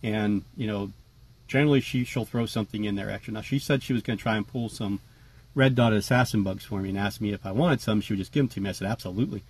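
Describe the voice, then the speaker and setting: A man talking casually to camera about his tarantulas, relaxed and chatty with lots of fillers. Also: on the low side, fast talker, husky. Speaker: tarantula keeper vlogger. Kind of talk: casual rambling vlog.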